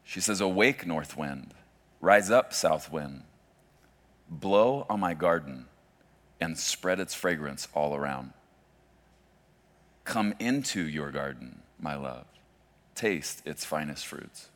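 Low-voiced pastor preaching to a congregation. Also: male voice, lively intonation, slow, pauses often. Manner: conversational preaching, swings from hushed to loud. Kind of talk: sermon.

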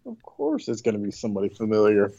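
A man's voice: on the low side, wildly swooping pitch, fast talker, gravelly, mellow, no room sound, highs cut off. A man co-hosting a casual chat, chiming in with short joking asides. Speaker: podcast co-host.

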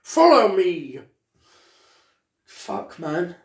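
A man co-hosting a casual podcast, animated and sweary, telling stories with lots of put-on voices. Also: high voice, drawn-out words. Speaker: podcast co-host. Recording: echoey room.

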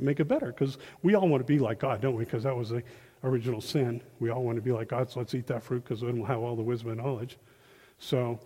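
A man giving an informal, animated sermon, acting out quotes in a folksy way, on a handheld mic in a church hall. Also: on the high side. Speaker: lay preacher. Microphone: handheld microphone. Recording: long reverb of a hall.

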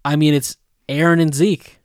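A man co-hosting a casual anime recap podcast, telling stories with animated emphasis and quoting his own reactions. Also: a little high, normal speed, dry recording, studio quality. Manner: animated storytelling, quotes himself. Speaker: podcast co-host.

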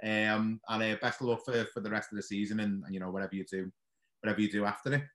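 A man hosting a podcast asks quiz questions casually and chattily, his voice on the low side, fast, a bit bright and flat in delivery. He laughs often and calls his guest "mate".

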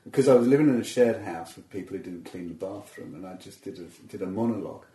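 A man's voice: deep voice, fast talker, dark tone. Rambling man in a roomy space. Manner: rambling, self-deprecating, restarts often. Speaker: comedian guest. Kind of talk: casual interview chat. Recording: roomy echo.

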